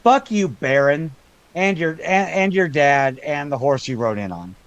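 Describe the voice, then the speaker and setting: A man's voice: fairly high pitch, expressive, measured pace, muffled recording. A man co-hosting a live podcast, cracking crude, mocking jokes. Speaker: podcast co-host. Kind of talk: comedic live podcast banter.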